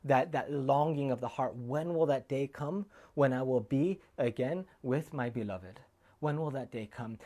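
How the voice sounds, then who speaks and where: A man giving a loose, heartfelt sermon as a monk, drifting between personal memories and teaching. He speaks at a middling pitch and often wanders off on side tangents before finding his way back. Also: a little slow, dark tone. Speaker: monk giving a remembrance talk. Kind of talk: informal sermon with personal stories. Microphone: camera recording.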